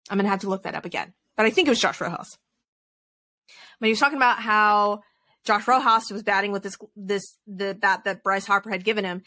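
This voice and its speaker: Chatty bright-voiced woman podcaster. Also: medium pitch. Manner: chatty, laughing, rambling restarts. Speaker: podcast co-host. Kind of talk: casual sports chat.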